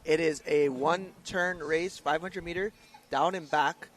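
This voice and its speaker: A man's voice: fairly high pitch, fairly even intonation, unhurried, a bit bright. Upbeat man calling a canoe race. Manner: upbeat, announces lanes and crews. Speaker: race commentator. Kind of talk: live sports commentary.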